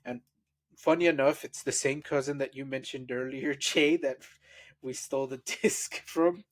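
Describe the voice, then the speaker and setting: A podcast co-host recalling memories in a relaxed, reflective way, with many "like" fillers. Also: male voice, mid-range voice, moderate pace. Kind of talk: casual storytelling.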